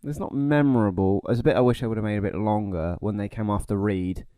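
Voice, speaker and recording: Low-voiced man nitpicking a film. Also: warm tone, smooth, dry recording, clean studio sound. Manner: chatty, quick to nitpick plot holes. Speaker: podcast co-host. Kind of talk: casual film review chat.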